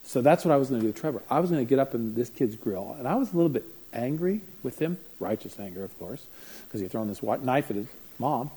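A man's voice: mid-range voice, lively intonation, fast talker, warm tone, slightly rough, rough recording. A man teaching a parenting class in a conversational way, telling stories and acting out the people in them. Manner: anecdotal, acts out voices while telling stories. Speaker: parenting seminar speaker.

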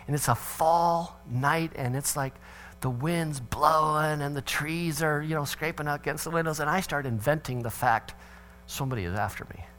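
A middle-aged man giving a sermon-style talk on parenting, an animated storyteller who acts out voices. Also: fairly high pitch. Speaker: speaker on parenting.

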